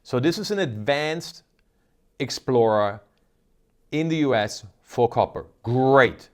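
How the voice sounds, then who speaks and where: In an investment video, a male host gives casual market commentary in an animated, medium-pitched voice, speaking slowly. He's emphatic and often ends points with a rhetorical "right?"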